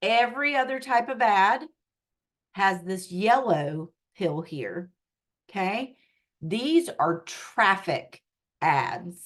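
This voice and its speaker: A woman tech coach with a medium-pitched, lively voice runs a live online training over a video call. She explains things unhurriedly and frequently checks in with her listeners.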